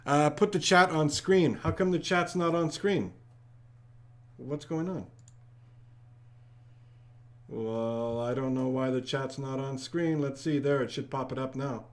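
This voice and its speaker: A man hosting a live trivia stream, rattling off viewers' locations and shout-outs in an upbeat way. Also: medium pitch, fairly even intonation, a little slow, pauses often. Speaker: trivia livestream host.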